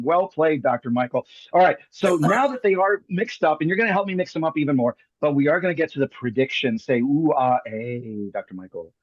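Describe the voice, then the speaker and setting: A man's voice: sits high, no room sound, lo-fi sound. A man hosting a live magic show, performing a card trick over a video call with jokey, theatrical patter. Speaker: magician host.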